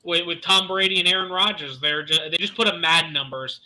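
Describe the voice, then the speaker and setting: A man co-hosting a casual sports podcast, talking in excitable, fired-up rants with some swearing. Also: fairly high pitch, fairly quick, low-quality recording. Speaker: podcast co-host.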